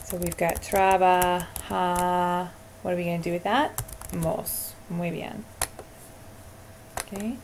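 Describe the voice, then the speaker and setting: A woman's voice: on the low side, normal speed, pauses often, a little hiss or hum. A woman teaching Spanish verb endings in a screencast lesson, encouraging and talking her students through each answer as she types. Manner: encouraging, talks through typing.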